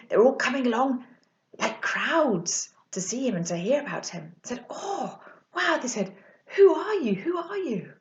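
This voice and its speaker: A woman giving a gentle storytelling children's talk for a church, explaining things plainly to young listeners. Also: medium pitch. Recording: echoey room, slightly dull sound.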